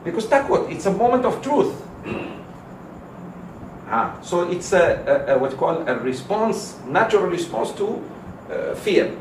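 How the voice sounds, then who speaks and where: Animated preaching imam in an echoey hall. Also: male voice, high voice, a little slow, noisy background. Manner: animated storyteller, swings from loud exclamations to soft asides. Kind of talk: sermon with storytelling. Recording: echoey hall, mic at a distance.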